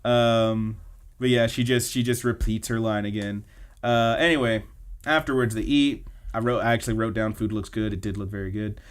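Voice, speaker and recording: A man's voice: on the low side, fairly even intonation, moderate pace, clear, resonant tone. A man co-hosting a podcast, casually recapping anime episodes in a chatty way and acting out the characters' lines. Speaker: podcast co-host.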